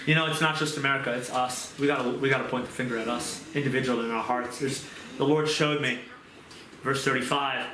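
A man preaching a sermon to a small group in an earnest, conversational way, with quick asides and questions to his listeners. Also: mid-range voice, steady tone, a crowd in the background. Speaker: pastor. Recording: echoey room with background noise.

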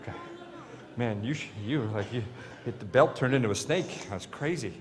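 A man's voice: mid-range voice, lively intonation, normal speed, slight background noise. A man hosting a comedy hypnosis show on stage, teasing his volunteers with playful banter. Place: stage in a large hall. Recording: large hall with loud crowd.

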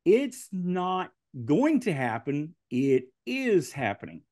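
A man's voice: fairly high pitch, slow, no echo, clean studio sound. A man, a podcast guest telling stories in casual chat and laughing often. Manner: animated, laughing often through his stories.

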